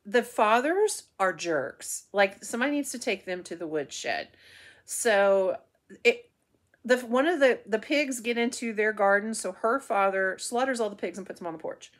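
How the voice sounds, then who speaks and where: A woman from the Ozarks talks through her monthly reads in a casual book review vlog at home. She rambles, circles back and restarts her sentences. Her voice sits at a middle pitch. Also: fairly bright tone. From Ozarks region of the United States. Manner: chatty, rambling, with frequent restarts and fillers.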